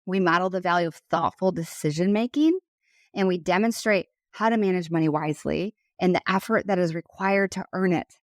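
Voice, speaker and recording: A woman's voice: fairly low pitch, no echo, clean studio sound. A woman in her thirties hosting a solo podcast. She speaks as a financial advisor, earnest and passionate.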